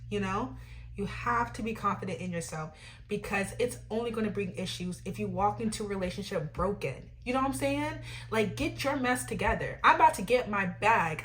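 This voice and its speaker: A young adult woman hosting a podcast, giving emphatic faith-based advice in a lively, ranting way, often asking "you know what I'm saying.". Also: on the high side, slight background noise. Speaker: podcast host.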